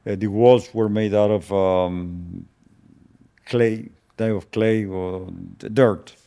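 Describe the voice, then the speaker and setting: An older man whose first language is Spanish tells an interviewer about something from the past, solemn and slow, with frequent stops and repeated words. His voice is on the low side, dark and clean, with fairly even intonation.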